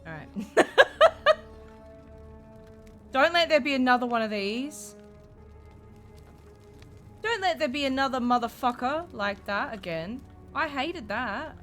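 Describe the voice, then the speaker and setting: A young woman streaming a game and reacting out loud, jumpy and profane, shrieking and laughing at scares. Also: high-pitched, lively intonation, slow, pauses often, soft background music. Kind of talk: live let's-play commentary.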